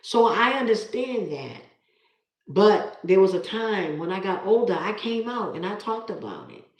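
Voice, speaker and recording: A woman's voice: mid-range voice, animated, unhurried. Middle-aged woman, emphatic, in a roomy space. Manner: emphatic and preachy, repeating herself. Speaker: live streamer. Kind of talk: casual live-stream talk, reading viewer comments. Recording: roomy echo.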